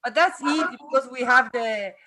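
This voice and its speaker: A woman student, answering quickly and eagerly in an online English class. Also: a little high, a crowd in the background.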